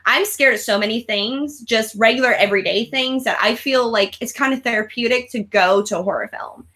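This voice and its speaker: A woman's voice: fairly high pitch, a little fast. A woman, hosting a casual chat and telling stories with frequent laughter. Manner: animated storyteller, laughs often. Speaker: host.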